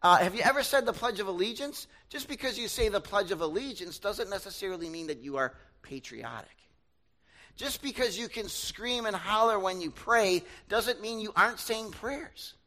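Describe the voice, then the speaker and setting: A man's voice: high-pitched, lively intonation, normal speed, rough recording. A young man preaching a sermon, talking with the congregation in a conversational way, asking them questions and acting out voices. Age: young adult. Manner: acts out loud shouted voices and asides. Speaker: pastor.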